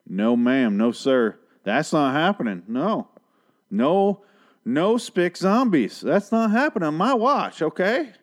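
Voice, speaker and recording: A man voicing an eager, gung-ho male border guard who shouts flat refusals. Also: fairly high pitch, slow, voice pushed up. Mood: zealous.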